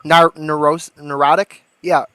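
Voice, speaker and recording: A man's voice: on the high side, level tone, a little slow, fairly bright tone, clean tone, no echo. A young man hosting a livestream, chatting casually with lots of laughter and swearing, then reading a story aloud. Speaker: livestream host.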